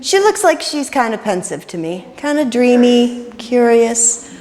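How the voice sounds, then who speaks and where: A woman minister leading an interactive sermon, chatty and playful with quick jokes, in a church. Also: on the high side, very animated, darkish tone. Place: church sanctuary. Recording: reverberant church hall.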